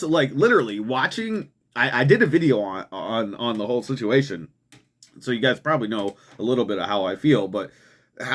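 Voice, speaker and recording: A man's voice: medium pitch, fairly bright tone. A man hosting an online commentary show, talking in an agitated, profane rant full of stumbling restarts. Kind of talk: heated political commentary.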